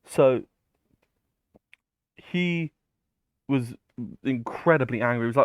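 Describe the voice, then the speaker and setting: A man retells an old myth in a loose, rambling way, full of ums and casual swearing. He talks at an unhurried pace, close to the mic in a dry, dead-sounding space. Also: mid-range voice, smooth, no room sound, dull audio. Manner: rambling, filler-heavy, loose paraphrase. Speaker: storyteller.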